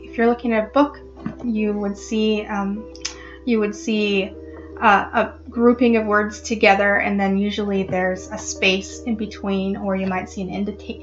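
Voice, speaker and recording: A woman vlogger explaining a poem in a casual, halting way, with many ums and restarts. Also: mid-range voice, highs cut off. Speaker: literary vlogger.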